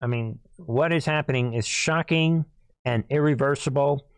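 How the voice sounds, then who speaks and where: Hoarse man in an emphatic commentary monologue. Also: mid-range voice, moderate pace, no echo. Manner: emphatic, repeatedly addresses listeners as "people". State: hoarse, clearing throat. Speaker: host.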